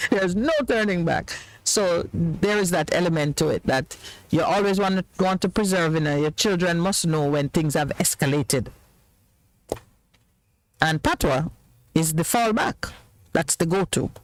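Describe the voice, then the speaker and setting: A man's voice: a little high, a little slow, rough recording. A Jamaican man hosting a radio talk show, chatting casually and laughing often.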